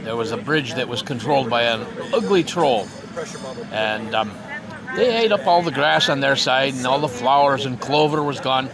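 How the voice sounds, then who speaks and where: A man's voice: medium pitch, expressive, normal speed. A man telling a folk tale in a chatty, meandering way, talking straight to his listeners at a castle fair. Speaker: storyteller. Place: outdoors at a busy castle fair. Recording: outdoor crowd noise behind.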